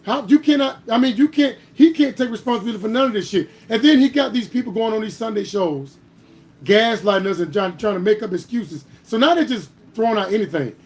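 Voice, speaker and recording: On his political livestream, a high-pitched, animated man argues slightly fast and forcefully, getting heated and louder in bursts while repeating "All right?" to hammer his points.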